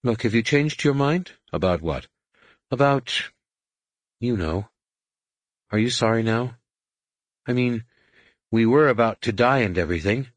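A male narrator voicing a nervous, hopeful young woman who speaks hesitantly, raised a little in pitch. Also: lively intonation, no room sound. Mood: anxious. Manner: hesitant, halting.

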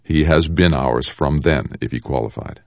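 A man voicing a calm, stern military colonel who speaks in a measured, controlled way. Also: extremely low pitch, vocal fry, dry recording, clean studio sound. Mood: cool, stern.

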